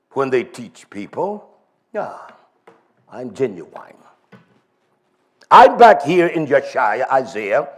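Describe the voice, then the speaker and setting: A man preaching a sermon in an emphatic, repetitive style, driving his points home. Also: on the high side.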